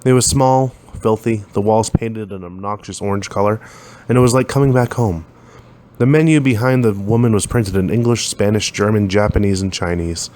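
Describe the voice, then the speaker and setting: A man with a fairly low voice reads a science fiction story aloud. He keeps the telling plain and steady, lifting his voice only a little when the characters speak. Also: normal speed. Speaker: narrator.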